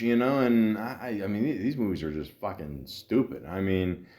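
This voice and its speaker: A man's voice: mid-range voice, animated, moderate pace, few pauses, a little mellow. A man in his forties hosting a podcast, rambling through a casual, profane monologue with lots of fillers and self-deprecating asides. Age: 40s. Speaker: podcast host.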